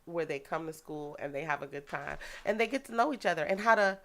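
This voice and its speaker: A woman educator and daycare owner being interviewed, telling stories in a lively way and laughing often. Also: low-pitched, fast. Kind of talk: casual interview talk.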